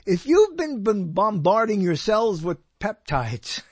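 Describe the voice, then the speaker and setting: This mid-range voice is husky and a little mellow, with big swings in pitch and an unhurried pace, captured close-miked with no echo. It's a one-person monologue full of jokes and digressions, quotes read aloud, and the host laughing, humming, and talking to himself.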